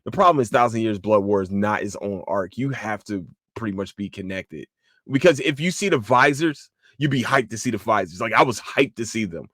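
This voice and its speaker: A man hosting a casual solo podcast, excitable, swearing often and restarting his sentences with lots of fillers. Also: on the low side, fairly quick, dry recording, studio quality. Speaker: podcast host.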